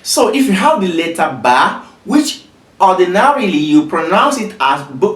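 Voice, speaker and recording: A teacher giving a slow beginner lesson, patiently repeating each letter sound several times. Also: medium pitch, sing-song, recorded from a distance. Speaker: Arabic teacher. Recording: roomy echo, voice away from mic.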